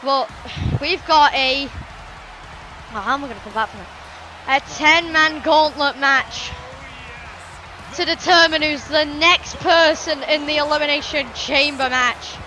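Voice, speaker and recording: A woman giving excitable play-by-play commentary on a wrestling video game, shouting and gasping at big moments and rambling between. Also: high voice, a little slow, pauses often, a little hiss or hum, low-quality recording.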